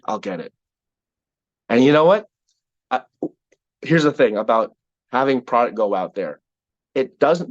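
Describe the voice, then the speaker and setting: A man's voice: medium pitch, no echo. Fired-up man on a dull call line. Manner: energetic, repetitive, preacher-like cadence. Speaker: sales team leader. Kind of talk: motivational call talk.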